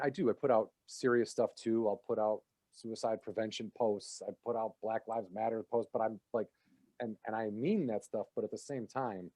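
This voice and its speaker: A man with a fairly low voice, a comedian guest telling stories on a podcast in easy conversation. He acts out other people's lines and laughs as he goes, and his sound is close and dry with no room echo. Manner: animated storyteller, acts out quoted lines, laughs while talking. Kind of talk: casual interview chat, storytelling.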